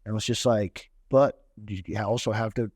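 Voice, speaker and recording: A man's voice: lowish voice, fairly even intonation, moderate pace, darkish tone, slightly rough, no room sound, studio quality. A young man from Cleveland telling his story as a podcast guest, candid and streetwise, swearing freely. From Cleveland, Ohio. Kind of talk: casual storytelling.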